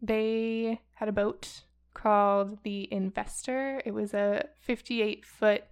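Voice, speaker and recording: A woman's voice: mid-range voice, level tone, slow, clear, resonant tone. A young woman co-hosting a true crime podcast, telling the story in a casual, chatty way with hesitations and laughs. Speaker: podcast co-host.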